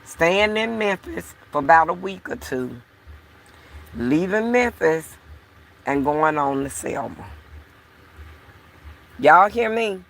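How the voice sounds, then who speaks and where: Slow, gravelly woman venting to camera. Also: sits low, lively intonation. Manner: frustrated, repetitive, addresses viewers directly. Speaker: vlogger. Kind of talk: casual talk to camera.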